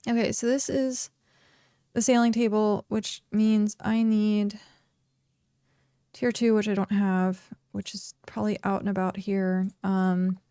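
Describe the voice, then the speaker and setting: A woman's voice: medium pitch, flat delivery, a little slow, mellow, clean tone, no room sound, studio quality. A woman streaming a game, chatting casually, talking to herself and reading chat aloud. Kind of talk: casual live-stream chat while gaming.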